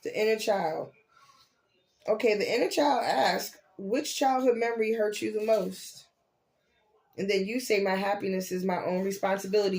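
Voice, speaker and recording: Lively older woman doing tarot readings. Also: medium pitch. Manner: animated, preachy encouragement with laughs and slang. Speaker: tarot reader. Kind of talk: casual live tarot reading.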